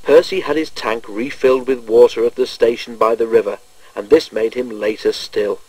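Husky man reading a storybook. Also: medium pitch, steady tone, moderate pace, darkish tone, no echo, poor audio. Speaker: narrator.

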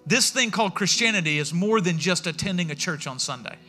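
A man preaching a sermon as pastor in a church, telling stories in a lively way and acting out what people said. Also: high-pitched, fairly quick, soft background music. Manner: animated storytelling, acting out quotes.

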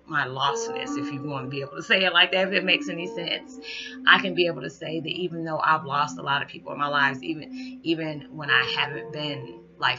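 A man talking in a casual spiritual vlog, halting and full of "you know", near tears at times. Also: a little high. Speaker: spiritual vlogger. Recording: dull lo-fi audio with music behind. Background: background music.

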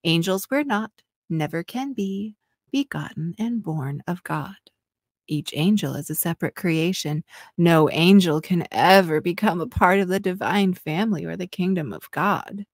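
A woman co-hosting a podcast, reading a passage aloud in a slow, breathy, mock-sultry voice that drops into whispers and draws words out. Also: fairly low pitch, no room sound, clean studio sound. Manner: breaks into giggles. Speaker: podcast co-host.

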